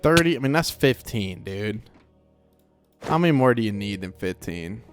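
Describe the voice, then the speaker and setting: A man's voice: fairly low pitch, animated, moderate pace. A man hosting a video game let's play, chatting casually, laughing often and talking back to the game. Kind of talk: casual gameplay commentary. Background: game music.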